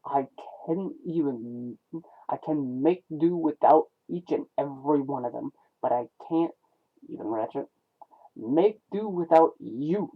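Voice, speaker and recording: A gruff, blunt older robot medic grumbles his way through a conversation, read by a man. He talks slowly in a slightly high voice. Everything sounds thin, as if heard over a phone line. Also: expressive, exaggerated voice.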